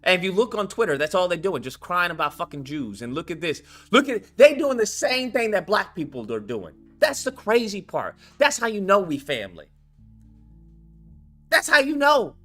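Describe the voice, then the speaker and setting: A man delivers a heated commentary rant, profane and mocking. His pitch swings widely from low grumbles to high jabs, giving the talk a lively, animated bounce. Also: moderate pace, faint music behind. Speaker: channel host.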